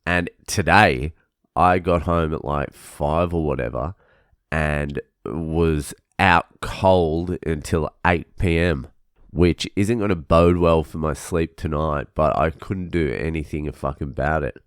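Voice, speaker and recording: A young man rants about a coworker in a relaxed vlog, cursing almost every line. His voice sits low and deep, with a clean, smooth tone. The sound is dry and close, with no room echo. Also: slow. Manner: swears constantly, ranting. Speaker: vlogger. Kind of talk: casual venting monologue.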